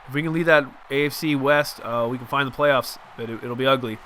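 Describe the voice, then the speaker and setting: A man's voice: medium pitch, bright, forceful tone, slight background noise. A young man hosting a football video game channel, chatting loosely and venting about his team as he plays. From Southern California. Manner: rambling, chatty, quick to vent. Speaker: gaming channel host. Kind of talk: casual game commentary.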